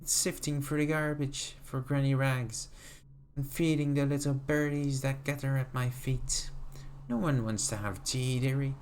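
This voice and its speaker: A streamer voicing a sweetly sinister old grandmother, reading slowly in a doting, sing-song manner from a desk mic at home. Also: medium pitch, a little mellow, slight background noise, close to an everyday voice. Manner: slow, sing-song, doting "dearie" refrain. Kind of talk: reading a game note aloud in character.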